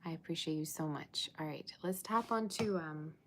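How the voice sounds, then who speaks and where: A tarot reader with a deep, slightly bright voice gives a live reading at normal speed from a borrowed indoor room. She chats, reassures viewers and answers their comments, with slight background noise.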